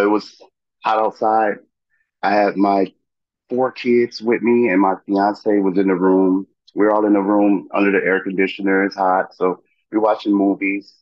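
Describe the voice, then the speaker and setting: A middle-aged man, a podcast guest, telling a personal story in a halting way, with many fillers and restarts. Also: fairly low pitch, no room sound, lo-fi sound.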